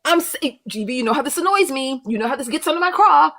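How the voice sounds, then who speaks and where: A woman's voice: sits high, animated, fast, fairly bright tone. A woman hosting a livestream reaction, ranting bluntly and profanely in casual commentary with mocking asides. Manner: does mocking voices of others.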